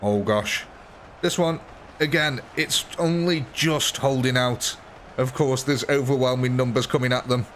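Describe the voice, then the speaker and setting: A man talks through a battle game on a live stream, chatty and amused. His voice sits at an ordinary middle pitch, with faint ambience behind him. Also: a little slow, fairly bright tone, slight background noise. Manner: chatty, amused, thanks viewers and answers chat. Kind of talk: live gameplay commentary.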